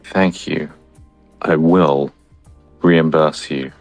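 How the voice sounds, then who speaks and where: A man's voice: extremely low pitch, fairly even intonation, extremely slow, faint music behind, exaggerated voice. A man voicing his shameless, flirtatious rogue character in a tabletop game, leaning in conspiratorially. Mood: charming. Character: shameless smooth-talking male rogue.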